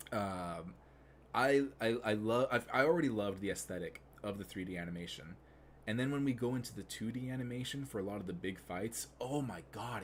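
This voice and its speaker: A young man streaming live, chatting casually and rambling with lots of fillers, getting excited as he goes. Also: lowish voice, a little hiss or hum.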